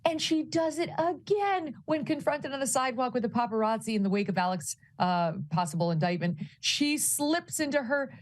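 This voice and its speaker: A young woman co-hosting a casual gossip chat, sarcastic and animated, laughing often. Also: high voice, moderate pace, hardly any pauses. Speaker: co-host.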